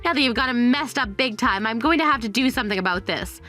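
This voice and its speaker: Woman playing a harsh, high-voiced, money-grubbing mother for a story drama. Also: expressive, fast, bright, forceful tone, soft background music. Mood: berating. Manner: harsh, berating. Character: greedy, scornful middle-aged mother.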